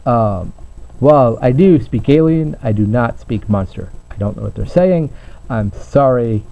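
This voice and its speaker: A man's voice: medium pitch, lively intonation, a little slow, creaky, dark tone. A man hosting a playful mock news report, speaking in a hammy, upbeat reporter voice. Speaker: host and reporter. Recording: slightly muffled home recording.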